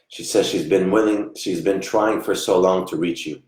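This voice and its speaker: A man giving a live online psychic reading, soft-spoken and halting, often trailing off quietly. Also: sits low. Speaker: psychic medium. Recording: echoey room.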